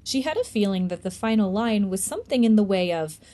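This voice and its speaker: Mellow woman reading a story aloud. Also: medium pitch, lively intonation, fairly quick, slight background noise.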